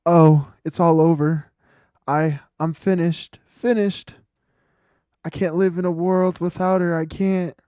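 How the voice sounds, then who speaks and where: A man's voice: medium pitch, moderate pace, darkish tone, no echo, clean studio sound, lightly acted. A man voicing a panicky, melodramatic young man who wails in despair. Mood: wailing.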